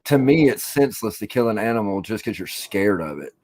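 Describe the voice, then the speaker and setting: A man's voice: lowish voice, lively intonation, brisk, a crowd in the background, low-quality recording. A stoned man from Alabama, rambling and swearing through a casual podcast chat. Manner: rambling, profane, laid-back storytelling. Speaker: podcast co-host.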